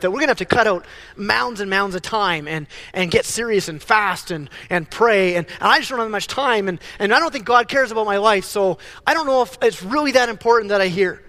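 A man preaching a sermon as pastor, animated, often stumbling and repeating words as he builds a point. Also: high-pitched, long reverb tail.

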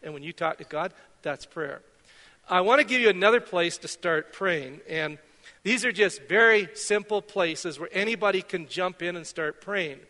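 A man's voice: sits high, moderate pace, sharp tone. A middle-aged man from Canada preaching a sermon as pastor, conversational and self-deprecating, weaving in anecdotes. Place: church sanctuary. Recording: long reverb of a church hall.

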